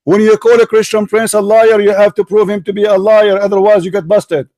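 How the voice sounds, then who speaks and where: A man hosting a heated live debate, combative and repeating insults, his voice strained and going hoarse. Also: high voice, level tone, fairly quick, dark tone, no echo, clean studio sound. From Arab world. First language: Arabic. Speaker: livestream debate host.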